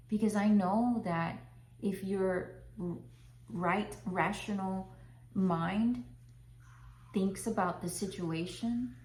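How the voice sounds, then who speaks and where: A woman voicing God as a tender, loving heavenly father who speaks softly and consolingly, often half-whispering. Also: mid-range voice, lightly acted. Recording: roomy echo.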